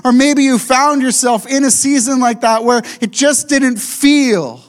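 A male pastor delivers an emphatic sermon in a voice pitched far above most men's. He leans on his key phrases, slowing right down and saying them again so they land.

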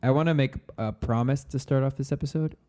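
A man's voice: mid-range voice, quick pace, darkish tone. A man co-hosting a podcast in casual chat, joking and teasing his friends. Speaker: podcast co-host.

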